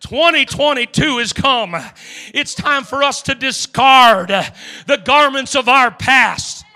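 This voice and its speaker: A man preaching an impassioned sermon, acting out voices and swinging from shouts to hushed lines. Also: very high-pitched, takes it slowly, in a large hall. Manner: dramatic, acts out the beggar's inner voice, swings from shouting to hushed.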